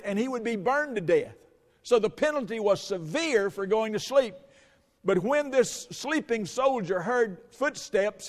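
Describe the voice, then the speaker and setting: A man's voice: high voice, in a large hall. A male pastor preaching a sermon, telling stories with quoted dialogue before moving into scripture.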